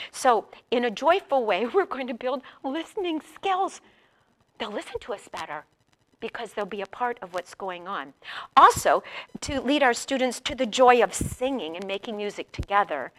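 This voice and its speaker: Bright-voiced woman teacher in an echoey room. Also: mid-range voice, recorded from a distance. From northwest Ohio. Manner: lively, storytelling, quotes voices. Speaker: music teacher giving a workshop. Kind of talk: workshop talk to teachers.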